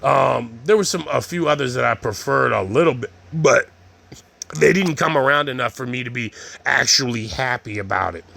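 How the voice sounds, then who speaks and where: A man's voice: mid-range voice, expressive, normal speed, gravelly, pushed and bright. A man telling a rambling, profane story in casual vlog style, full of street slang. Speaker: vlogger.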